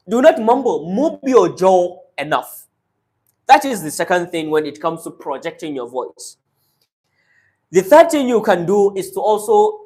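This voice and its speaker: A man's voice: high-pitched, darkish tone. A man teaching public speaking as a coach, giving direct, instructive tips in short commands. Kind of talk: motivational speaking lesson.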